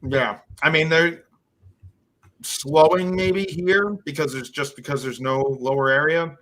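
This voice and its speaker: A man's voice: a little high, unhurried, fairly bright tone. A man co-hosting a live trading stream, chatting casually and thinking aloud as he walks through charts, dropping in dude and man. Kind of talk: casual market chat.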